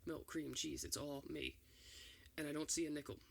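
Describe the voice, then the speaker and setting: A man reading an entire film script aloud for ASMR, doing every part in one steady voice. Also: on the high side, normal speed, gravelly. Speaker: ASMR reader.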